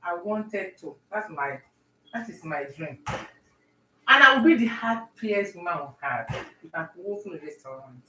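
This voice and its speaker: A woman chatting with viewers on a live stream while she bakes at home, talking warmly and greeting people by name. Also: lowish voice, lively intonation, normal speed, reverberant, distant mic, rough recording. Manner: warm, talkative, talks to viewers by name. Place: home kitchen.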